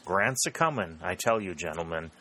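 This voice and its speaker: A man's voice: deep voice, expressive, normal speed, pushed and bright, heavily acted. A man voicing a blunt, impatient mountaineer general who drops his g's and speaks with emphasis. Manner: folksy, dropped g's, emphatic.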